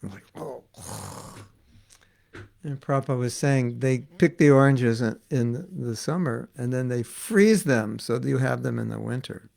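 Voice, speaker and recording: A man's voice: mid-range voice, moderate pace, vocal fry, few pauses, darkish tone. A man giving an informal devotional class, chatty and laughing as he tells stories and acts out the voices in them. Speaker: spiritual teacher giving a class.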